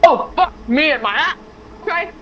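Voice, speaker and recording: A woman's voice: high voice, lively intonation, normal speed, a bit bright, slight background noise. A woman player in a tabletop game, talking casually and swearing freely. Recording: dull lo-fi sound.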